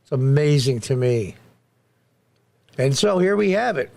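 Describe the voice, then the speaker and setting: A middle-aged man with a gravelly edge to his voice, speaking at a middle pitch. He delivers a blunt, indignant commentary monologue and hammers his points home by repeating them. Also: animated, a little slow, darkish tone. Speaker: host of a commentary show.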